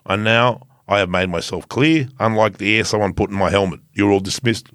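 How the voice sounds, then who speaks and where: A man's voice: lowish voice, fairly bright tone, dry recording, studio quality, pitched below the performer's own voice, lightly acted. A man putting on a pompous captain with a fake accent. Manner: stiff commanding fake foreign accent, slow and deliberate. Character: pompous self-important male ship captain. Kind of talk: comedic podcast skit.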